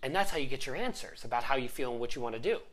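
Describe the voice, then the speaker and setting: A life coach giving a casual, animated motivational talk, often checking in with "right?". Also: medium pitch, racing.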